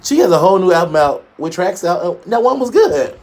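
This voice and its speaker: A man's voice: very animated, fairly quick, a little mellow. Sassy, shady man dishing gossip. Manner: sassy, shady, emphatic with big pitch jumps. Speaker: co-host. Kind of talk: casual gossip chat.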